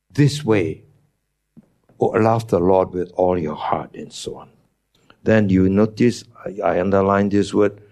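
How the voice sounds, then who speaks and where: Slow-talking guy preaching, punches key words up high, a bit non-native english. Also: a little mellow. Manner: emphatic, rises sharply on key words. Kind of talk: sermon teaching.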